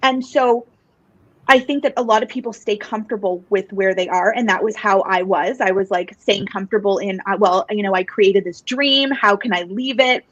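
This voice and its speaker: An earnest woman tells her own story in a relaxed interview, mid-pitched, talking with plenty of ums, likes and restarts. The sound is muffled and dry, with no room behind it. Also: moderate pace, no room sound. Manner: earnest, animated, with many fillers and restarts. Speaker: psychic medium and guest. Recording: dull, dry lo-fi podcast audio.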